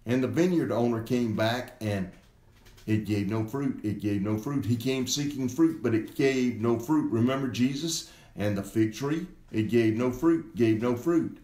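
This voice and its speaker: A male pastor delivers a sermon at an unhurried, deliberate pace, leaning hard on repeated words. His voice sits at an ordinary middle pitch. The recording carries a noticeable roomy echo. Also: dark tone. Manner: slow and emphatic, repeating key words. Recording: echoey room.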